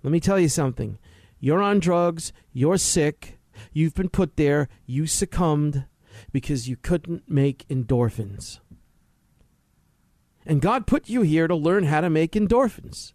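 A man's voice: on the high side, animated, a little slow, darkish tone, no echo, clean studio sound. Blunt, emphatic male talk show host. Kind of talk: direct-address talk show monologue.

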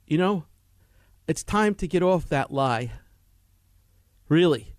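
High-voiced preachy male health show host. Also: takes it slowly, long pauses, no echo, studio quality. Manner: preachy, rhetorical questions, lively. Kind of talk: animated health talk monologue.

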